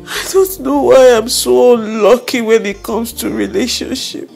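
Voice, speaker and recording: An actress playing a heartbroken young woman in a film drama, talking low and weary as if near tears. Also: steady tone, a little slow, creaky, a little mellow, faint music behind. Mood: despairing. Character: heartbroken young woman, betrayed and self-doubting. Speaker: heartbroken friend.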